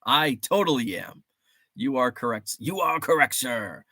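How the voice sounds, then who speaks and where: A man telling a loose, easygoing story on his livestream, laughing often and stopping to read viewers' comments. His voice sits at an ordinary middle pitch. The sound is dry and close, with no room echo. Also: expressive, unhurried, sharp tone. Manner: rambling, chatty, laughs often, reads chat aloud. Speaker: livestream host. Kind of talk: casual livestream chat.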